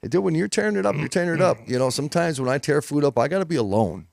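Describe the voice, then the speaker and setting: A man co-hosting a live talk show, cracking jokes in loose, slangy banter. His voice sits a little high and swings widely in pitch, with a gravelly edge. The sound is dry and close. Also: very fast, no echo. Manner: joking, animated, slangy. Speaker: co-host. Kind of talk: casual chat.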